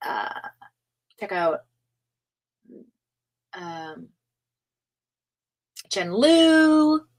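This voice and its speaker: This tarot reader from the United States chats her way through a relaxed live-stream reading, gushing and leaning heavily on fillers. She speaks very slowly in a mid-range voice with big swings in pitch, and the audio is poor.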